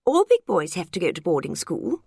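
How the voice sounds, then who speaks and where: A woman voicing an excitable friend who squeals and giggles at jokes. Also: moderate pace, creaky, breathy edge, no echo, clean studio sound, exaggerated voice. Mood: giggly. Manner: high, squealing with mirth.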